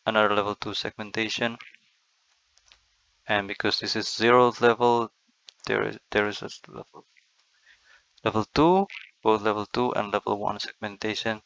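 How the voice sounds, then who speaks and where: A man's voice: lowish voice, gravelly, fairly bright tone, no room sound, lo-fi sound. A man teaching in a screen-recorded lecture, explaining step by step and often restarting his words, recorded close to a desk mic.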